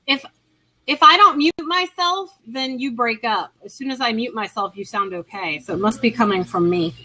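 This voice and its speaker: A woman chatting casually on a livestream, halting and puzzled. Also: on the high side, bright, forceful tone, poor audio. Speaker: livestream guest. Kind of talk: casual chat.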